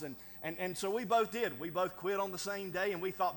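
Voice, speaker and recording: A high-pitched male pastor delivers a sermon in an easygoing, conversational way, tossing in "right?" and little chuckles between points. His voice rings out with a long reverb, as if in a large church hall. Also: brisk, slight background noise. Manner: conversational preaching with frequent "right?" asides and chuckles.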